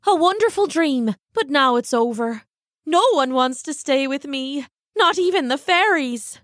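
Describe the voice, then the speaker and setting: A woman's voice: high-pitched, lively intonation, measured pace, a bit bright, no echo, studio quality. A woman doing a lonely wanderer. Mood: sad. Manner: earnest, emotional, tearful at times. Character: lonely wandering Irish male singer.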